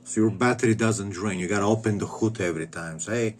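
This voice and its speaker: Sex: man. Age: 30s. Origin: Bulgaria. Pitch: low. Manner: crude, rambling rant with stammered repeats. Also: fast talker, slight background noise. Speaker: vlogger. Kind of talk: casual rant.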